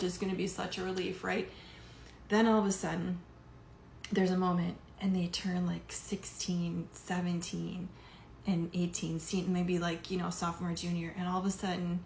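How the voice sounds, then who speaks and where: A middle-aged woman, a life coach, talking casually to her audience with lots of fillers and some emotion. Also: on the low side. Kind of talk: casual monologue to camera. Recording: echoey room with faint background noise.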